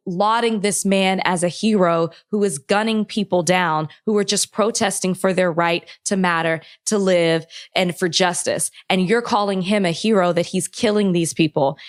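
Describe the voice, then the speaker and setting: A woman co-hosting a podcast, speaking with impassioned frustration and close to crying, with many restarts. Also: medium pitch. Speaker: podcast co-host. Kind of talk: heated podcast conversation.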